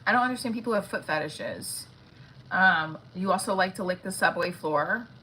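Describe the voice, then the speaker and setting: A woman's voice: fairly low pitch, animated, moderate pace, sharp tone, a little hiss or hum, rough recording. Rambling woman comedian chatting on a livestream. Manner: rambling, frank, swears casually. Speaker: stand-up comedian. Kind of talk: casual livestream chat. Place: at home.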